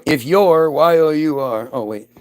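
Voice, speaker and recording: Man, fairly high voice, sarcastic, combative, mocking, streaming rant. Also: measured pace, clean tone. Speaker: streamer reacting to viewer comments. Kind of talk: ranting livestream commentary.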